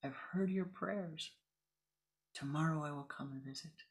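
The kindly Divine, as a woman puts it on in a told parable, speaking in a low, hushed voice. Each word comes slowly and calmly.

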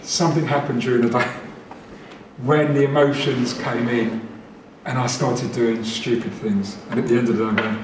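A man gives a chatty, lively talk to a meeting room, his voice carrying through a very echoey space. He is caught from a distance, with clear background noise underneath. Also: medium pitch, moderate pace. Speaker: presenter.

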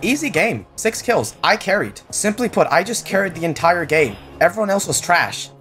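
A young man narrating his gameplay in a casual, jokey way, with a voice sitting a bit higher than most men's. He jumps into excited yelps whenever the game surprises him. Game music plays faintly under his talk. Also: normal speed. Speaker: gaming channel host.

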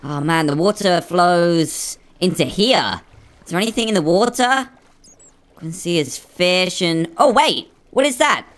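A man with a pitched-up voice filter talking excitably and nervously as he plays through a game. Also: a little slow. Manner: excitable, jittery, nervous exclamations. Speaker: gaming video creator. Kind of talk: playing through a game adventure.

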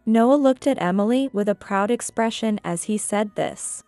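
A woman reading a scripted first-person story in a measured, even way. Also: mid-range voice, clear, resonant tone, dry recording, soft background music. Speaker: narrator.

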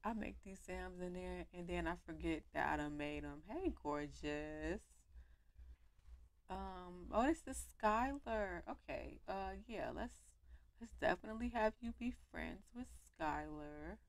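Lively gravelly woman gaming commentator. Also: on the low side, measured pace, no room sound. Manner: animated, slangy reactions to the game. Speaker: gaming YouTuber. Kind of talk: let's play commentary.

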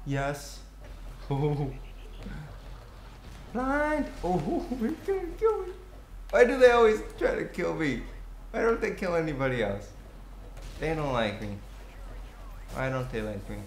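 A young man giving excitable gameplay commentary, swearing and yelling at the game. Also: mid-range voice, measured pace, long pauses. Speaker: gaming commentator. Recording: echoey room with faint noise.

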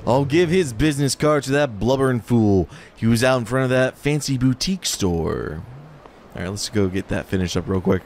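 A man voicing a laid-back middle-aged gangster who talks in a low, dry drawl. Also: expressive, moderate pace, darkish tone, slight background noise, close to an everyday voice.

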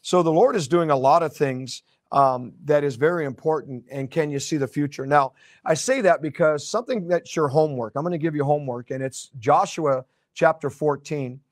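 A man's voice: a little high, normal speed, no room sound, studio quality. A man preaching a prophetic sermon in a conversational way, with fillers, repeated words and joking asides. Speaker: pastor.

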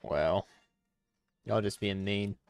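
A young man hosting a gaming livestream, chatting in a relaxed, unhurried way over a headset. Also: on the low side, creaky, no echo. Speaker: streamer host. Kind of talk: casual gaming chat.

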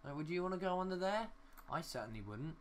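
A man's voice: a little high, lively intonation, quick pace, a little hiss or hum. A young man giving casual, rambling commentary while building in a city game, talking to himself and swearing mildly at glitches. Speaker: gaming YouTuber.

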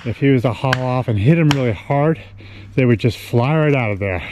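A man hosting his show while logging in the winter woods, explaining in a plain, folksy, unhurried way. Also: medium pitch. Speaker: host, horse logger. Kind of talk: casual explaining while working. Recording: loud outdoor work noise, wedge tapping. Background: hammering and chopping.

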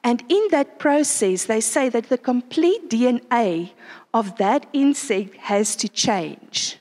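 Woman, sermon, animated, rhetorical questions, higher voice, hall echo. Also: slow. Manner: animated, asks the crowd frequent rhetorical questions. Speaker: conference speaker. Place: conference venue.

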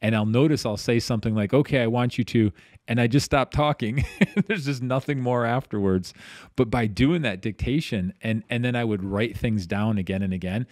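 A podcast guest, a middle-aged man who's a physical therapist, tells stories in easygoing conversation at normal speed with a medium-pitched voice. Animated, he mimics the voices he quotes and makes frequent restarts, all in clean, echo-free studio sound.

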